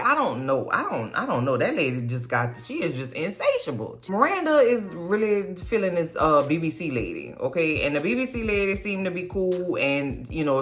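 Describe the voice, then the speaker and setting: A woman recapping a TV episode in casual, blunt, profane chat, swooping up in pitch to stress her points. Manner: blunt, profane, chatty commentary; expressive, swoops high for emphasis. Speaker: TV recap vlogger.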